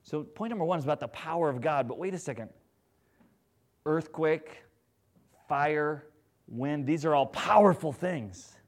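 A man preaching a sermon, moving between loud, animated retellings and hushed, gentle passages. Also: a little high, unhurried, pauses often.

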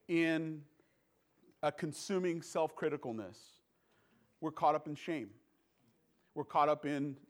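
Male preacher, earnest and halting, voice a bit high. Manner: earnest, halting, repeats words. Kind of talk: sermon.

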